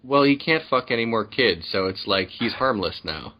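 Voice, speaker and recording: A man's voice: medium pitch, animated, normal speed, pushed and bright. A man co-hosting a podcast, rambling through crude jokes with stammered restarts in casual chat. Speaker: podcast co-host.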